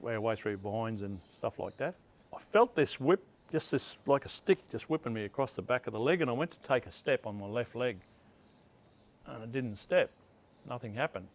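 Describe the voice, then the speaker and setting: An older Australian man tells his stories in a relaxed, meandering way. He chuckles between remembered moments and speaks at an everyday pitch. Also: low-quality recording. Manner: rambling, laid-back yarn-spinning with laughs. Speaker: interviewee. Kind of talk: casual storytelling.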